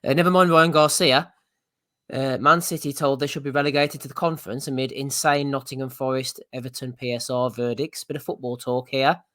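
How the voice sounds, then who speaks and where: A man's voice: medium pitch, steady tone, fairly quick, pushed and bright, no echo. A man hosting a boxing podcast, reading out news items and laughing often. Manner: giggly, reads out news items. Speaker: podcast host. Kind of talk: casual chat.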